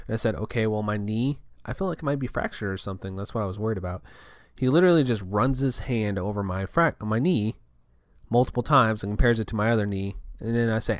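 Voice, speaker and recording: A man's voice: lowish voice, fast, no room sound, clean studio sound. Chatty young man telling stories. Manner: chatty, rambling, swears casually. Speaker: podcast host. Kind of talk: casual storytelling monologue.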